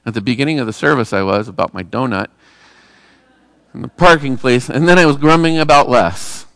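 A man, a pastor, preaching a sermon in a relaxed, conversational way and asking the congregation rhetorical questions. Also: medium pitch, brisk, gravelly, dry recording, in a large hall.

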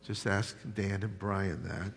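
A man preaching a sermon as pastor, telling folksy stories and building to loud, emphatic points. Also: deep voice, level tone, slow pace, noisy background. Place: church sanctuary. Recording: long hall reverb.

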